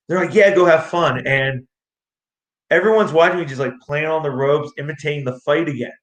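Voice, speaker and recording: A young man with a fairly high voice tells his stories in a rambling, excitable rush, jumping into what others said as he goes. He is recorded in an echoey room. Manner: excitable, rambling, acts out quotes. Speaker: guest, amateur street fighter. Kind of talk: casual storytelling interview.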